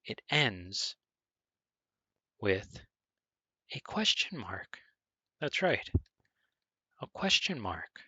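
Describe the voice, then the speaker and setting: A man teaching a beginner English grammar lesson over a screen recording, speaking slowly and deliberately, spelling words out and stressing question intonation. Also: on the low side, sing-song, pushed and bright, slightly rough, no room sound.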